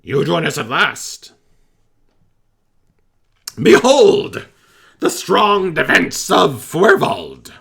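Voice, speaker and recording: Goblin captain, male, pompous and loud, voiced by a man, sharp bright tone. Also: on the high side, very animated, drawn-out words, gravelly, pauses often, husky, pitched above the performer's own voice, heavily acted. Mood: proud. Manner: bellowing, self-important proclamations.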